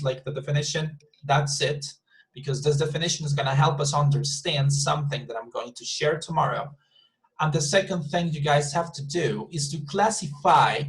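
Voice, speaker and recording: This man, whose first language is Spanish, teaches English in an online class. His voice sits fairly high, and the recording is rough. He's patient, repeating and rephrasing things and checking that students understand.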